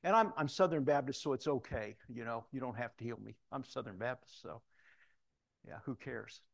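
In a creaky, mid-range voice at normal speed, a middle-aged man gives a sermon. He draws on personal stories and acts out quoted lines in the speakers' voices.

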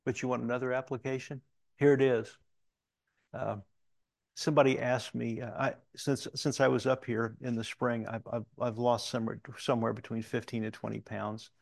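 A middle-aged man from Alaska preaching a sermon, telling folksy stories with halting restarts. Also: medium pitch, level tone, vocal fry, dry recording. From Alaska, USA. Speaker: pastor.

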